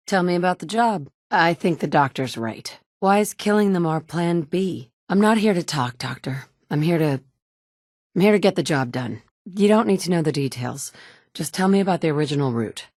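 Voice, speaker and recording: A blunt, low-voiced wasteland survivor. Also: female voice, lively intonation, normal speed, darkish tone, no echo, clean studio sound. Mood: matter-of-fact. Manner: terse, matter-of-fact. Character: determined adult woman survivor, blunt and capable. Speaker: player character in a video game. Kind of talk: game dialogue lines. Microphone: close studio mic.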